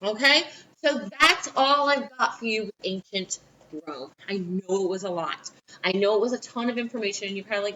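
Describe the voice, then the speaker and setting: A woman's voice: medium pitch, brisk, sharp tone, far from the mic, dull audio, slight background noise. A woman teacher with a New Orleans accent giving a chatty history lesson with asides. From Louisiana, USA. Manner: chatty, with asides and quoted voices. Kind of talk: recorded history lesson for a class.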